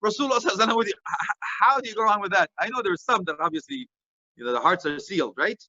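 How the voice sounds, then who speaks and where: Animated preacher. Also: male voice, sits high, racing, husky, no echo, highs cut off. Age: middle-aged. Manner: animated, joking, mixes Arabic phrases. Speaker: Islamic preacher. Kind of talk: lively sermon.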